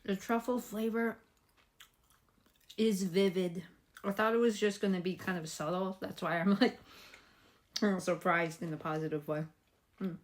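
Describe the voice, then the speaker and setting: A woman's voice: mid-range voice, steady tone, measured pace, pauses often. A young adult woman chatting casually as a vlogger about her weekend, rambling and snacking as she talks. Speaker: PhD student vlogger. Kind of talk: casual vlog chat.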